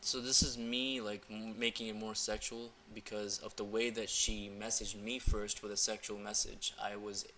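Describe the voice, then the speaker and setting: Bright-toned, flat young man. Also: on the low side, moderate pace, few pauses, slight background noise. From United States. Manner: loose and filler-heavy, with chuckles. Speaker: dating coach. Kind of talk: casual screen-recording walkthrough.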